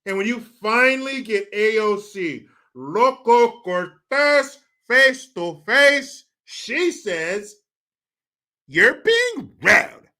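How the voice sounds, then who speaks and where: Slow-paced and bright, this man's high voice rises and falls in broad, lively swings as he rants about politics. His commentary is mocking, sarcastic, and full of profanity.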